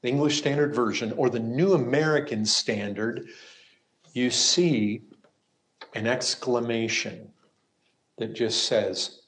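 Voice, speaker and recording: A man preaching a sermon, emphatic, moving from raised, ringing lines to quiet, hushed asides. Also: mid-range voice, slow pace, pauses often. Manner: emphatic, swings between loud cries and hushed asides.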